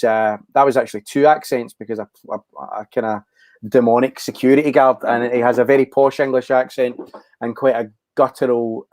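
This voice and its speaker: Scottish actor, thoughtful and halting. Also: male voice, medium pitch, a little mellow, dry recording. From Scotland. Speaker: actor, guest. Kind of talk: casual interview.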